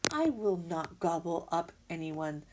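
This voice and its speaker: A woman doing a calm, formal robot. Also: on the low side, a little slow, background noise. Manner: precise, formal, even-toned. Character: calm polite female robot, plain and steady.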